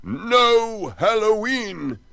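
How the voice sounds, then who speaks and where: Man playing a grumpy old gent, shouting, thundering, pitched high, storybook record. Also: big pitch swings, very slow, creaky, no echo, full character voice. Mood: ranting. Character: blustering grumpy old gentleman.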